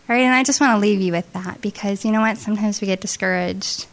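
A middle-aged woman speaks to a congregation at a church service, telling a testimony story in an earnest, heartfelt way. Her voice sits in a middle pitch. She stumbles and restarts now and then as she reaches for the words. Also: quick pace. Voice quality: earnest, emotional, with restarts and soft asides.

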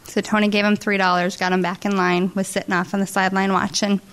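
A middle-aged woman speaks to a congregation at a church service, telling a testimony story in an earnest, heartfelt way. Her voice sits in a middle pitch. She stumbles and restarts now and then as she reaches for the words. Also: level tone, fast talker, clear, resonant tone. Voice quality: earnest, emotional, with restarts and soft asides.

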